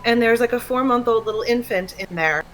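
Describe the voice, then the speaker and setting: A woman chatting casually on a stream, telling stories in a lively way and laughing often. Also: a little high, brisk, rough recording. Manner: animated storytelling, laughs often. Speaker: streamer co-host. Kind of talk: casual chat. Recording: faint background noise.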